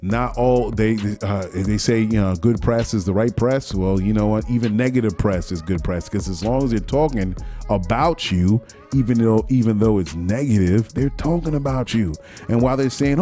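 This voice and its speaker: A low-pitched man with a dark, mellow tone talks through a solo podcast rant, stumbling over repeated words. He has a cold and sniffles now and then. Faint music plays underneath. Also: normal speed. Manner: repetitive restarts, mocking quoted voices. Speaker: podcast host.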